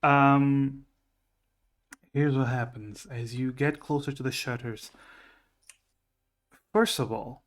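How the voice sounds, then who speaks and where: A man running a tabletop game, telling the scene slowly and with care to build tension. His voice sits at a medium pitch and his pace is unhurried. He speaks into a streaming microphone. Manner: slow, deliberate, suspenseful storytelling. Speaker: game master.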